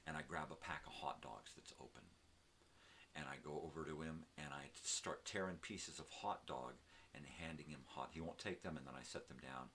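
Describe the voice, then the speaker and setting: A man's voice: extremely low pitch, a bit bright, a little hiss or hum. An older man hosting a live morning show, telling a rambling story casually and often tagging lines with "right?". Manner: talks to his dog, tags lines with "right?".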